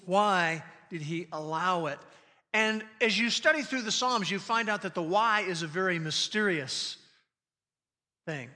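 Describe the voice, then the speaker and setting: A man preaching a sermon as pastor, speaking emphatically with slow, deliberate stresses on quoted scripture. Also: high-pitched, bright, forceful tone. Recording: long reverb of a large hall.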